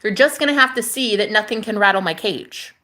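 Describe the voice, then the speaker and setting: A woman's voice: mid-range voice, fairly quick, sharp tone. A woman talking to camera in a sassy, profane spiritual vlog, calling viewers honey and repeating phrases for emphasis. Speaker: spiritual vlogger. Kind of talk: casual spiritual monologue to camera.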